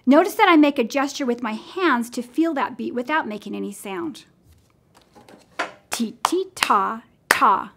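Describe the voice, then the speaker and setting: A woman's voice: sits high, expressive, brisk, creaky, few pauses, a little hiss or hum. A woman music teacher demonstrating simple rhythm lessons for classroom teachers, counting in and singing along patiently.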